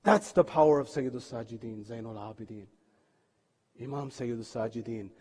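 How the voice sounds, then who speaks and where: A man preaching a sermon in a mosque, impassioned, rising loud on chanted poetry and sinking low and quiet on laments. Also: moderate pace. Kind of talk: sermon with recited Urdu poetry. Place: mosque hall. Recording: live stream with long hall reverb.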